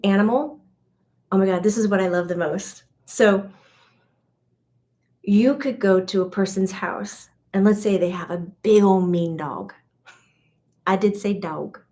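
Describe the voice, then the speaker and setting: A woman's voice: mid-range voice, dark tone. A woman who hosts as a spiritual medium, teaching casually to a live audience, chatting, laughing often and acting out little scenes. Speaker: spiritual medium and channel host.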